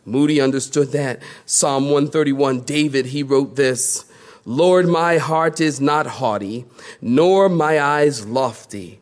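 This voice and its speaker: A male pastor preaching a sermon, telling stories animatedly and acting out the people in them. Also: takes it slowly. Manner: animated storytelling, acting out voices with big pitch jumps.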